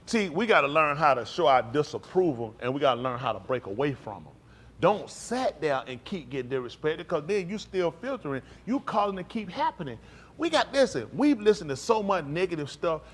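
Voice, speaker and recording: A man with a fairly high voice, speaking fairly quickly, preaches over a live stream in an emphatic, conversational way. His congregation calls back to him as he animatedly swings from quiet to loud.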